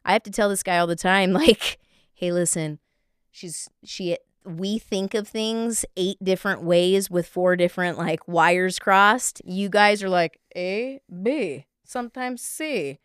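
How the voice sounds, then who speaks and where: Woman, podcast co-host, teasing casual chat, smooth clear voice, dry close mic. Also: fairly low pitch, measured pace, dry recording. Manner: lively, laughing, teasing.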